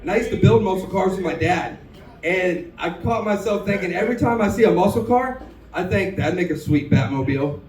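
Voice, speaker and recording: A man's voice: high-pitched, animated, fairly quick, a little mellow. A man doing a stand-up comedy set on a bar stage, telling jokes in a self-deprecating, drawling way. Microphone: handheld stage mic. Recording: echoey bar from far off with crowd.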